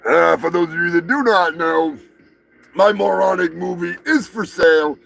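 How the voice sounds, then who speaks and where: A man hosting a live show, ranting crudely and swearing constantly, with bursts of shouting. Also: high voice, moderate pace, gravelly, soft background music. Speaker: show host. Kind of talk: profane live-stream rant.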